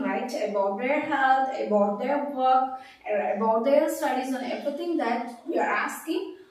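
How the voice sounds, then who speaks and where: Woman English teacher, high voice, slow and repetitive with fillers; recorded from afar in a very echoey room. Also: a little mellow, recorded from a distance. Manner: slow, repetitive, many fillers, stresses intonation. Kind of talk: casual spoken lesson.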